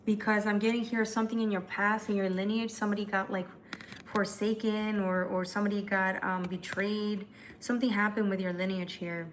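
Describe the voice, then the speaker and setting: A woman doing a live tarot forecast, talking fast and chatty, often restarting mid-phrase. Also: mid-range voice, flat delivery, a little hiss or hum. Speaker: tarot reader.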